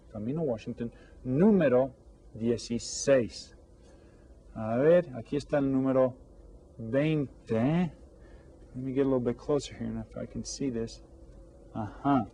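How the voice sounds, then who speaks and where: A man teaching an elementary language lesson, drawing out each new word slowly and coaxing the class with friendly questions. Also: mid-range voice, mellow, slight background noise. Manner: slow, drawn-out repetition of vocabulary for students. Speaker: Spanish teacher.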